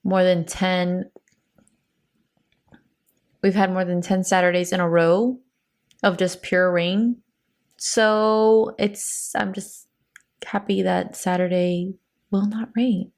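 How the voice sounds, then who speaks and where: A woman's voice: fairly low pitch, level tone, slow, long pauses. Easygoing young woman podcast co-host. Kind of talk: casual podcast chat.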